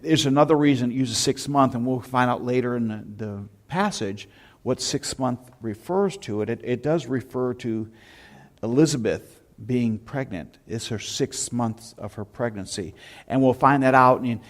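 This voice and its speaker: A man delivering a Sunday sermon in a church, with a voice of ordinary pitch. He eases into it conversationally, telling stories and acting out small moments before turning to scripture. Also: normal speed. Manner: storytelling, animated anecdotes with shouted imitations. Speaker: pastor. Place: church sanctuary.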